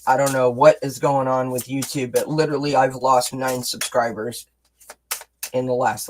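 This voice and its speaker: A tarot card reader hosts a casual live-streamed reading. The delivery is chatty and encouraging, warm toward the audience, with self-deprecating asides slipped in between the cards. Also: medium pitch, steady tone, normal speed, a little hiss or hum, rough recording. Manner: chatty, encouraging, responds to chat comments.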